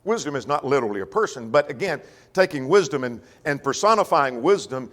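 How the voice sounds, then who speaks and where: A man's voice: on the high side, animated, brisk, a bit bright. A man teaching a Sunday Bible class in a folksy way, often checking that the class follows. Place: church. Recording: long church reverb.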